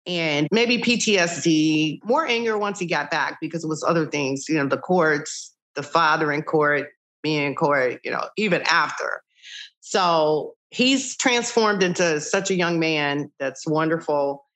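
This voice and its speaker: An older woman who founded a child-recovery group tells stories in an interview, animatedly acting out old conversations and dropping many "you know" asides. Her voice is low-pitched and a little slow.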